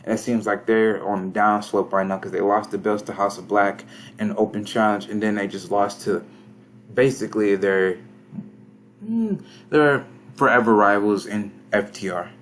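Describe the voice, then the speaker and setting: Casual young male game commentator, lowish voice, easy slang, faint room hum. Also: normal speed. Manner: laid-back, slangy, reads scores aloud. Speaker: gaming commentator.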